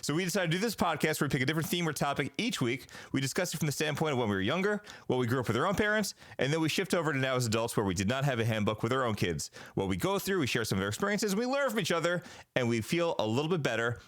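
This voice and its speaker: A man's voice: a little high, sing-song, very fast, fairly bright tone, no echo, clean studio sound. A man in his forties hosting a casual podcast, telling stories with lots of fillers and restarts. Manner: rambling storyteller with many fillers. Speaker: podcast host.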